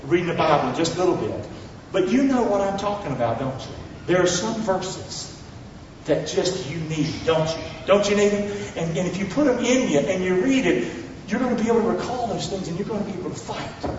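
A male pastor preaching a blunt, rousing sermon that swings from loud calls to hushed lines. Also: high-pitched, slight background noise. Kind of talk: fiery sermon. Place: large church hall. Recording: echoey hall, distant mic, dull sound.

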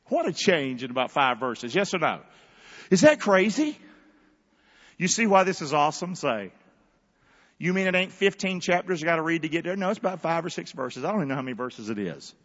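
A man preaching a lively sermon with call-and-response, swinging between hushed asides and loud shouts. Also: fairly high pitch, fairly quick, in a large hall, dull audio. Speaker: pastor. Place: large church hall.

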